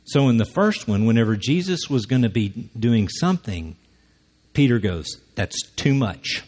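A man's voice: medium pitch, expressive, normal speed, darkish tone. A man preaching a conversational sermon who acts out the lines he quotes.

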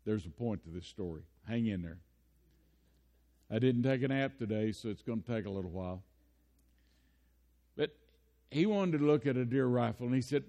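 A man's voice: medium pitch, moderate pace, creaky, long pauses, dark tone. An older man preaching a sermon, telling folksy personal stories and building into impassioned preaching. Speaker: pastor. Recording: long hall reverb.

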